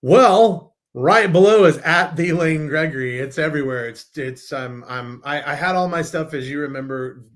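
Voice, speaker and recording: A man as a guest in a casual interview, telling stories in an animated way with frequent restarts. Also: on the high side, moderate pace, few pauses.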